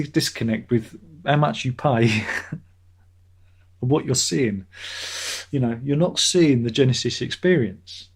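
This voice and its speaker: A man's voice: medium pitch, a little mellow, husky. A middle-aged man hosting a casual live stream, reading out chat messages and rambling sarcastically, often laughing at his own jokes.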